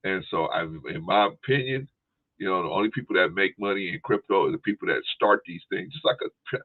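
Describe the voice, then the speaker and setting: A man's voice: low voice, lively intonation, fairly quick. A male podcast host chatting casually, with a laid-back, rambling manner and frequent "right?" and "y'all". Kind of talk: casual chat. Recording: tinny phone-like line.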